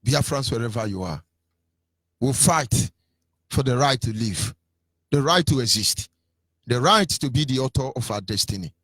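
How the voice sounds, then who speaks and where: A man's voice: medium pitch, expressive, moderate pace, pauses often, fairly bright tone, slightly rough, no echo. A Nigerian man with a Nigerian accent giving an impassioned political radio talk, mocking and sing-song, his voice swinging between rises and drops. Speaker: radio commentator.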